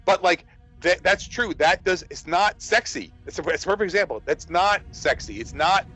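A man's voice: high-pitched, expressive, moderate pace, sharp tone, faint music behind, rough recording. A man talking casually about horror films, rambling with many restarts. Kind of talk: casual movie discussion.

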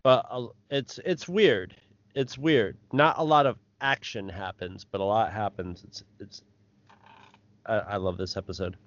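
Halting, thoughtful man co-host. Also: lowish voice, dull audio. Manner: halting, thoughtful, many restarts. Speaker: podcast co-host. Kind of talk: casual recap chat.

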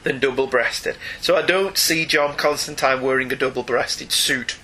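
An English man co-hosting a casual comics podcast, chatty and animated with jokey asides. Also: mid-range voice, normal speed. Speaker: podcast co-host.

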